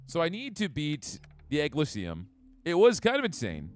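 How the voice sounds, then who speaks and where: A man's voice: a little high, huge pitch swings, normal speed, slight background noise. A man streaming a game live, chatting casually with his chat and reading out card effects. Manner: chatty, upbeat, reads chat. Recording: faint background music.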